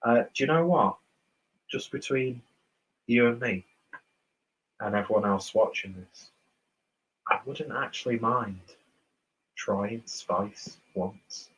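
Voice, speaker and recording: A man's voice: medium pitch, takes it slowly, long pauses, fairly bright tone, breathy edge, dull audio. A man from northern England with a posh southern English accent, rambling casually through viewer comments as host of a beer livestream. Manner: rambling, self-mocking, chatty. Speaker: beer reviewer streaming host.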